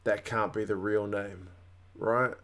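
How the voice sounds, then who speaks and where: A man's voice: on the low side, fairly even intonation, takes it slowly, a bit bright. A man, hosting a casual rugby watch-along stream and chatting with viewers. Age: 30s. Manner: chatty, reacting to live chat comments. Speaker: livestream host.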